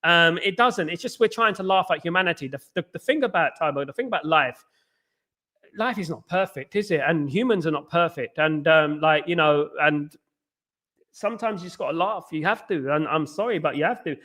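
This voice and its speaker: Man, fairly high voice, bright tense tone, rambling chatty live-stream host, lots of fillers. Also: a little fast. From England. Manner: chatty and rambling, many restarts and fillers, talks straight to viewers. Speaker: host of a live football watchalong. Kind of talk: casual live-stream chat, reading viewer comments.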